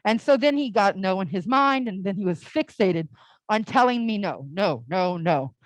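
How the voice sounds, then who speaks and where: A young adult woman with a medium-pitched voice speaks at normal speed in a dry, rough recording. She's giving a chatty all-ages sermon during a church service, telling stories casually with frequent "like" fillers.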